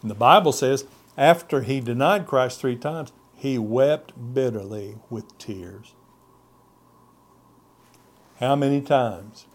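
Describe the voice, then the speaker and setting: Pastor preaching a sermon. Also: male voice. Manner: expressive preaching, pitch rising on key words and dropping low at phrase ends; reads scripture in old-fashioned wording.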